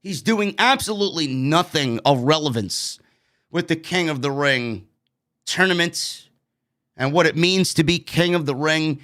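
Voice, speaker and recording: A man's voice: fairly high pitch, expressive, a little slow, a bit bright. Sweary, exasperated New York man ranting. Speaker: wrestling show reviewer. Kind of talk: profane ranting commentary.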